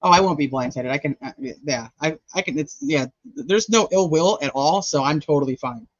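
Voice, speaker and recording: A man's voice: on the high side, moderate pace, no room sound, dull audio. A man hosting a true crime channel, talking through his notes in a chatty, rambling livestream style. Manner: chatty, rambling, thinking aloud while checking notes. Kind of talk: casual livestream commentary.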